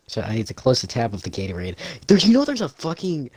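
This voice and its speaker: Male podcast co-host, medium pitch, rambling and crude, dry recording. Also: wildly swooping pitch, fast, hardly any pauses, a little mellow, husky, no room sound. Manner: rambling, swears often, laughs a lot. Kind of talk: casual chat.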